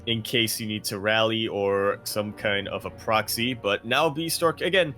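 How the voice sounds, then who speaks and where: Bright-voiced dry-witted male caster. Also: fairly low pitch, faint music behind. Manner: dry wit, brisk analytical play calls. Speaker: esports caster. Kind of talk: live game commentary.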